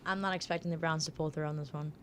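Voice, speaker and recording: A woman's voice: sits low, fairly even intonation, rapid-fire, slight background noise. A young woman co-hosting a casual sports talk show, laid-back and wry as she gives her picks. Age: young adult. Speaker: co-host.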